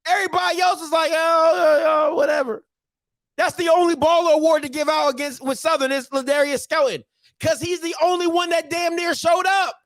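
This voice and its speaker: A man hosting a sports recap show, ranting in excitable, slangy trash talk and repeating himself for emphasis. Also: very high-pitched, a little fast, dry recording, clean studio sound. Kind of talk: animated sports recap rant.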